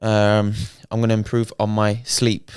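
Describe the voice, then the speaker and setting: Laid-back young man, smooth voice. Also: lowish voice, completely flat delivery, measured pace, a little mellow, no room sound, studio quality. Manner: laid-back banter, swears and laughs often. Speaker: podcast co-host. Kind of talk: casual chat.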